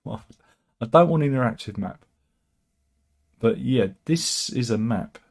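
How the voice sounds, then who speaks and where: Hosting a satirical news channel, a man delivers casual commentary that's sardonic and rambling, punctuated by chuckling asides. His mid-range voice is animated and creaky, moving at normal speed.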